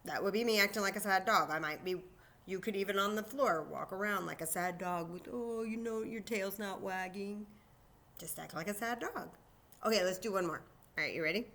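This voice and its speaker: Bright-voiced children's librarian at story time. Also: female voice, medium pitch. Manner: animated, speaks slowly and simply to young children.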